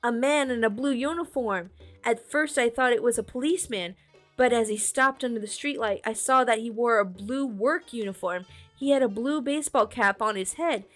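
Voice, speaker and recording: A woman's voice: on the high side, moderate pace, soft background music. A woman streamer reading a storybook aloud, chatting with viewers and fixing small slips as she goes. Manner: chatty asides to chat, reads with small self-corrections.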